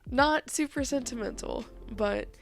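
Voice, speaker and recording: A woman's voice: fairly high pitch, measured pace, soft background music. A young woman giving a heartfelt, teary message to her best friend and co-host, laughing and swearing casually. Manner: emotional, laughing through tears, casual swearing.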